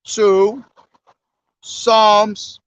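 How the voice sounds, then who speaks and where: High-pitched street preacher guy, swinging from shouted verses to cussing rants, dry dull sound. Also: little pitch movement, very slow, smooth, dry recording, recorded from a distance. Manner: profane, agitated ranting between loud declaimed verses. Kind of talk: street preaching with scripture reading. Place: outdoors on a street.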